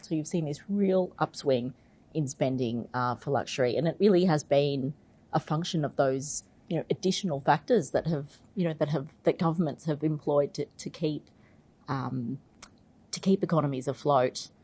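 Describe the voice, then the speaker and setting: Low, mellow-voiced woman explaining investments. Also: moderate pace, slightly rough. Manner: explanatory, frequent "you know" fillers and restarts. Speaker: investment research head and portfolio manager. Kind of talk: conversational expert interview.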